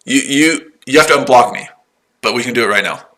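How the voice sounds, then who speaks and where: A man's voice: mid-range voice, fairly quick, fairly bright tone. A man in his forties talking casually on a livestream, combative and taunting, repeating himself. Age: 40s. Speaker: livestream host.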